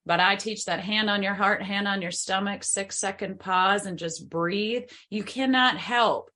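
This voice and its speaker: A woman's voice: medium pitch, measured pace, pushed and bright. A woman hosting a parenting podcast interview, who speaks in an instructive, affirming way. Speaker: podcast host.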